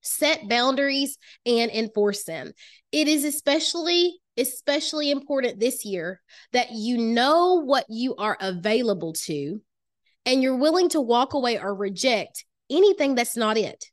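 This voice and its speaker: High-voiced, emphatic woman coaching listeners. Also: animated, measured pace. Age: adult with children. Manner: emphatic, repeats key phrases, addresses listener directly. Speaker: life coach and podcast host. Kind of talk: motivational master class talk.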